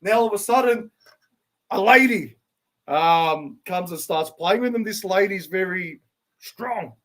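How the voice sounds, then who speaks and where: An Australian man co-hosting a podcast, telling a crude, lively anecdote in casual chat. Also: high-pitched, measured pace. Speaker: podcast co-host.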